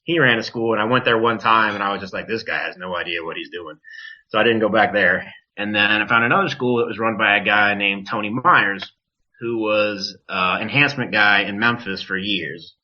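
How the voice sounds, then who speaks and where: A man's voice: fairly low pitch, normal speed. A man who wrestles, guesting on a podcast, telling a story casually and animatedly, swearing and acting out other people's lines. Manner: animated, profane, acts out quoted voices. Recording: dull lo-fi podcast audio.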